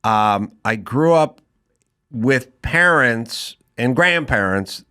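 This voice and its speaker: An American man hosts a casual podcast conversation, letting his stories unfold slowly. His voice has a bright, forward edge, and he laughs easily between thoughts. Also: medium pitch, expressive, clear, resonant tone. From San Fernando Valley, California. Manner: laid-back storytelling, laughs easily. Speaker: podcast host. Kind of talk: casual chat.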